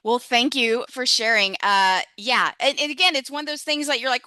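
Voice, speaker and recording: A woman's voice: on the high side, steady tone, a little fast, sharp tone, clean tone, no echo. A woman leading a storytelling workshop on a video call, chatty and encouraging, with many restarts.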